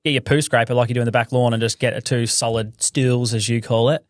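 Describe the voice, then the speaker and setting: A man's voice: mid-range voice, fairly even intonation, fast talker, no echo, clean studio sound. A man co-hosting a casual chat podcast, laid-back and blunt, swearing now and then. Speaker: podcast co-host.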